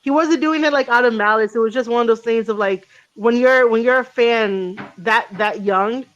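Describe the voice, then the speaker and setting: A woman's voice: fairly high pitch, normal speed, highs cut off. A woman hosting a podcast in casual chat, rambling with lots of ums and restarts and cursing freely. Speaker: podcast host.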